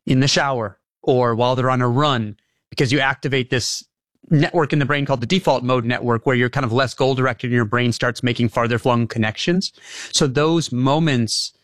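A man's voice: mid-range voice, normal speed, a bit bright, no room sound, clean studio sound. A man being interviewed as the author of a book, who explains his ideas earnestly and breaks into laughs between points. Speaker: author and guest.

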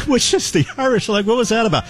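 Lively joking male talk host. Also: high voice, fast, faint music behind. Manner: joking, animated riffing with laughs. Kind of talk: comedic commentary.

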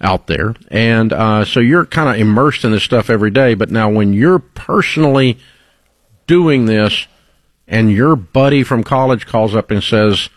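A man hosting a casual on-air interview, upbeat and quick with sarcastic jokes. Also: on the low side, lively intonation, no echo. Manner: upbeat, joking, sarcastic asides. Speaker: radio show host.

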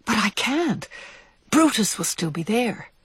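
A woman voicing a timid but determined mother field mouse in a storybook, speaking softly and hesitantly. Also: fairly high pitch, sing-song, measured pace, husky, dry recording, voice pushed up, full character voice. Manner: soft, hesitant.

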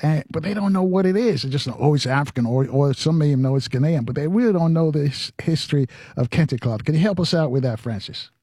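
A man hosting a radio interview, asking questions in a halting, animated way with lots of fillers. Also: fairly high pitch, breathy edge, no room sound, clean studio sound. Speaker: radio host.

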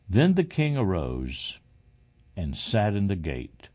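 A man reading an old scripture passage aloud in a measured, solemn way. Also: low-pitched, wildly swooping pitch, darkish tone, highs cut off. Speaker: scripture reader.

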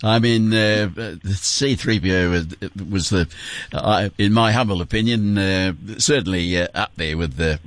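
A man's voice: on the low side, normal speed, few pauses, dry recording. Chatty male radio presenter, dry studio sound. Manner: chatty, hesitant with many fillers. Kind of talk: casual radio interview.

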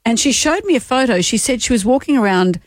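A woman's voice: fairly high pitch, expressive, fast, no room sound. A middle-aged Australian woman chats on drive-time radio, spinning anecdotes and laughing easily. She is at a close studio microphone, and the sound is dry. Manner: chatty storyteller, laughs often. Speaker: radio co-host.

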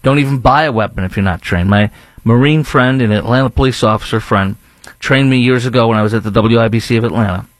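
A man's voice: mid-range voice, quick pace, no echo. Emphatic male talk radio host. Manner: emphatic, rambling, with mocking put-on voices. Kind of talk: opinionated talk radio monologue.

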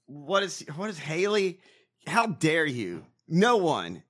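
Animated, profane man ranting. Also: a little high, takes it slowly. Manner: profane, mocking, rants loudly. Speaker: podcast co-host. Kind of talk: casual political chat.

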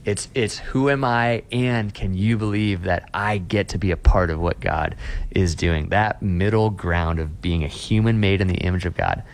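A Christian author being interviewed speaks earnestly and with emphasis about faith, paraphrasing scripture as he goes. His voice is low and gravelly, at a moderate pace.

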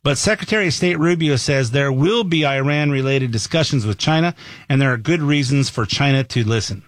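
Male radio host in a dry studio, speaking at a middle pitch, opinionated and chatty. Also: fairly quick, no echo. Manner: opinionated, conversational. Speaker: talk show host. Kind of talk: radio talk commentary.

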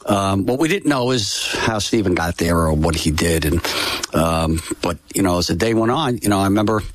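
An older man telling a personal story in an interview, halting and emotional, with many fillers and restarts. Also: low voice, lively intonation. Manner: emotional, solemn. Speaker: interview guest.

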